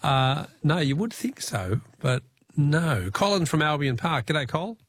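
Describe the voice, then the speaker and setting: An Australian man hosting a talkback radio quiz, chatty and quick to laugh, repeating the question for each caller. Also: on the high side, very animated, a bit bright, no echo.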